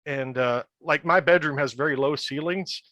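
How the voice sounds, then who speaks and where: A bright, clear-voiced man in his fifties chats on a podcast, rambling through old stories. He restarts his sentences often and laughs as he goes. The sound is close and dry, with no room around him. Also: a little high, moderate pace, no room sound. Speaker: podcast guest, metal band member. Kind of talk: casual storytelling chat.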